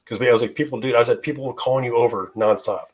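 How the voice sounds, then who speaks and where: A man, a guest in a casual chat, whose voice is going hoarse and who rambles with many fillers and restarts. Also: medium pitch, fairly even intonation, racing. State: losing his voice.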